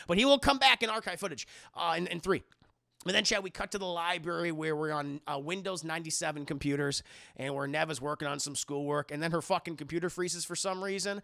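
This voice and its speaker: A man's voice: fairly high pitch, brisk, gravelly, no echo. A man casually recapping a film on a live stream, swearing freely and talking to his chat. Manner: profane, animated, addresses chat.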